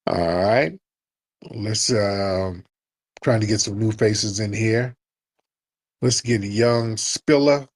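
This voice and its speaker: A man hosting a live audio chat show, laid-back, calling listeners in and answering with quick comebacks. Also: lowish voice. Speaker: host.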